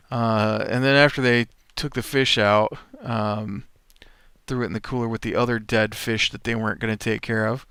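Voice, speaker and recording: A man's voice: lowish voice, fairly even intonation, moderate pace, fairly bright tone, clean tone, no room sound. A man hosting a let's play, telling a rambling story full of uhs and restarts with a wry edge while he plays. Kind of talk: casual storytelling while playing a game.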